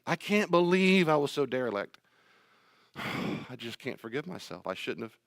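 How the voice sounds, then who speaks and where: A man putting on a sobbing, high-pitched churchwoman. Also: sing-song, moderate pace, gravelly, a bit bright, dry recording. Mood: remorseful. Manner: sobbing, overwrought apologies. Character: tearful apologetic woman churchgoer.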